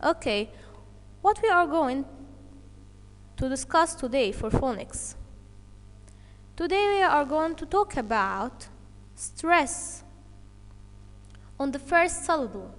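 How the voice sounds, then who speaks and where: A woman teaches English to children in a high, slow voice. She explains each point carefully and checks in with "okay" along the way. Her voice carries a long reverb. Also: very animated. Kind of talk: online English lesson for children.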